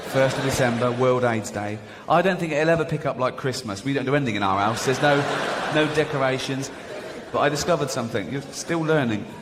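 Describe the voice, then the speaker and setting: A man performing a stand-up routine, deadpan storytelling with acted-out dialogue. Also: medium pitch, brisk. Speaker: stand-up comedian. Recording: reverberant venue, faint noise.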